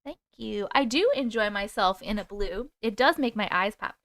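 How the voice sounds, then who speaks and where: A woman hosting a live stream, reading viewer comments aloud and greeting people in a bubbly, chatty way with a high, squeaky voice. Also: moderate pace, fairly bright tone, dry recording. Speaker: host reading live chat. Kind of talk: casual live-stream chat.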